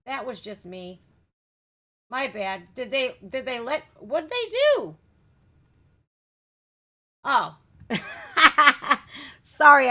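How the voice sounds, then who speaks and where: A woman's voice: fairly high pitch, pushed and bright. A woman hosting a live reaction stream, ranting indignantly with swearing and rhetorical questions. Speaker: reaction channel host. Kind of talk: heated live commentary.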